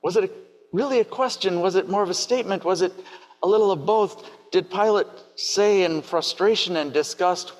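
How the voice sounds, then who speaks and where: Higher-voiced preacher in a reverberant church. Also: male voice. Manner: measured, questioning delivery. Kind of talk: sermon.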